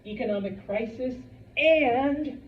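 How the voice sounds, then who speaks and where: A man's voice: very high voice, slow, a little hiss or hum. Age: adult. Sex: man. Style: casual history lecture. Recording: distant, roomy, dull classroom sound. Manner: loose and jokey, acts out people's voices. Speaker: history teacher.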